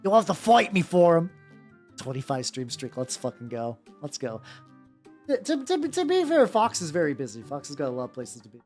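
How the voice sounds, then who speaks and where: A woman chats loosely on a livestream while she paints miniatures, her somewhat low voice leaping around in an animated, lively way. She rambles, swears freely and often restarts mid-sentence. Faint music plays softly under her talk. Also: moderate pace. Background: faint background music.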